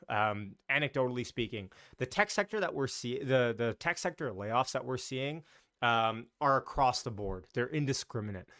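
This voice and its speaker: A man's voice: medium pitch, a bit bright, no room sound, clean studio sound. A man hosting a casual live stream about the market, chatty and loose, greeting viewers as he talks. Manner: talks in loose, restarting sentences.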